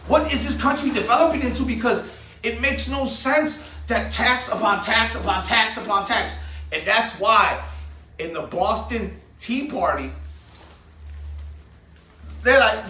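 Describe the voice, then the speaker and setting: High-voiced man ranting in an echoey room. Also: measured pace, long pauses, sharp tone, recorded from a distance, slight background noise. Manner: profane, heated, rhetorical questions. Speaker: channel host. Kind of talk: ranting monologue.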